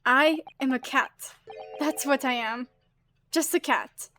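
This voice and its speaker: A woman's voice: high voice, slow, sharp tone, soft background music, heavily acted. A woman voicing a melodramatic, gloomy young male writer with theatrical, despairing outbursts in a game. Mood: dazed.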